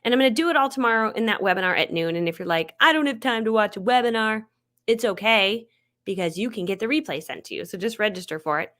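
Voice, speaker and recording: A woman giving a live online marketing training, talking fast and getting excited, with bubbly energy. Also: medium pitch.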